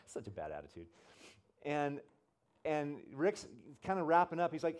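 A middle-aged man preaching as a pastor, telling a personal story with many restarts and repeated words, and his voice climbs high and loud at the big moments. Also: normal speed. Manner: animated storyteller, voice rises high and loud at the climax. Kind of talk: sermon storytelling.

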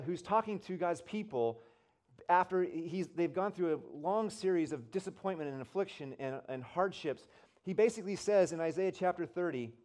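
A man preaching a sermon to a congregation, telling stories and acting out the voices in them. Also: on the high side. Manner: storytelling, animated, acts out voices. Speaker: pastor. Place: church in front of a congregation.

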